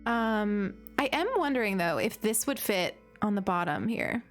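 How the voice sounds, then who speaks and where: A woman's voice: medium pitch, lively intonation, normal speed, soft background music. A young woman streaming, chatting casually and giggling, with lots of filler words. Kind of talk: casual chat while gaming.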